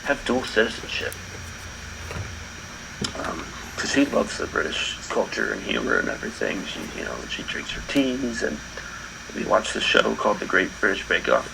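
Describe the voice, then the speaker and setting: A man with a low, gravelly voice talks loosely in a casual podcast chat, rambling and letting sentences trail away. An air-conditioner hum sits clearly behind him. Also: wildly swooping pitch, moderate pace. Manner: laid-back, rambling, trails off. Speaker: podcast co-host.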